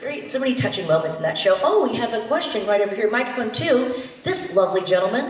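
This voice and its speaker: A woman's voice: on the high side, big pitch swings, fast talker. Upbeat woman moderating in a big hall. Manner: upbeat, repeats and relays questions, chirpy. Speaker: panel moderator. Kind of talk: hosting a convention Q&A. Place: large convention hall stage. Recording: echoey convention hall, voice from far off.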